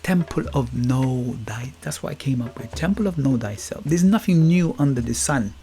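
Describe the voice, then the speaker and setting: A middle-aged podcast host from Guyana, based in England, speaks with a Guyanese Caribbean accent in a reflective, motivational monologue. His mid-range voice is warm with lively intonation at a moderate pace, and he muses, repeats words, and checks in with "you get me?".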